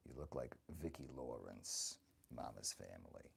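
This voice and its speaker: A man's voice: extremely low pitch, animated, slow pace, heavily acted. A man voicing a crude, flirty grandmother of great age who teases her viewers and calls them honey, chatting with his stream audience in character. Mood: bawdy. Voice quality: gravelly. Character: crude flirty ancient grandmother, bawdy and vain. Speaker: livestreamer. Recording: noisy background.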